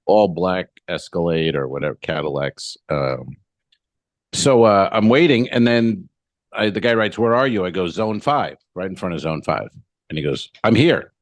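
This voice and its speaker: A man's voice: low-pitched, moderate pace, dry recording. A middle-aged man co-hosting a comedy podcast, casually telling a profane story and acting out both sides of the dialogue. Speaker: podcast co-host.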